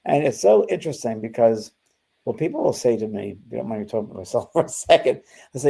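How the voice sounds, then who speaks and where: An older man speaks in a relaxed, mellow tone with a gravelly edge. He tells a spiritual story in loose, unscripted talk, often stumbling and restarting mid-sentence. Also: mid-range voice, quick pace. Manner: storytelling with many restarts and fillers. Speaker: spiritual medium, co-host. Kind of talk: casual spiritual conversation.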